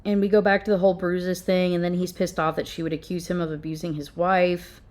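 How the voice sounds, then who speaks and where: A woman reads a novel aloud and keeps interrupting herself with sarcastic, exasperated complaints. Her voice sits in a lowish register. Her delivery swings between plain narration and mocking commentary. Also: level tone, fairly quick, a little mellow. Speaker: book reviewer.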